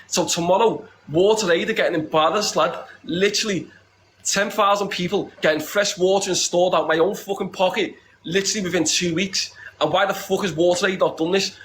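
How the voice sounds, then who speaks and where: A man's voice: sits high, fairly even intonation, fairly quick, a bit bright, a little hiss or hum, poor audio. A man with a northern English accent speaks bluntly in an interview, swearing often and tagging his sentences with "lad" as he repeats his points with force. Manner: emphatic, repeats himself. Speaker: interviewee, charity campaigner. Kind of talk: impassioned interview talk. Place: secure compound, indoors.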